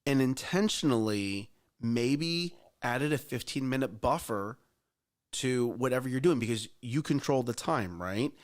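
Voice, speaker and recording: A man's voice: medium pitch, animated, a little slow. A middle-aged man hosting a casual chat show, earnest and emphatic, challenging listeners directly. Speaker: host.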